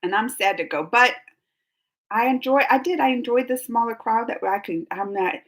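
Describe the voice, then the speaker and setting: Bright high-voiced woman, coughing. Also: normal speed. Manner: chatty, laughs often, talks to viewers by name. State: coughing, throat catching. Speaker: livestream host. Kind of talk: casual chat reading viewer comments.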